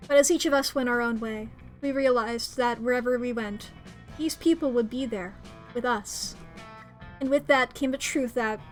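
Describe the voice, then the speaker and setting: A woman streamer reading a dating game's text aloud, excitable and quick to squeal and gasp between lines. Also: on the high side.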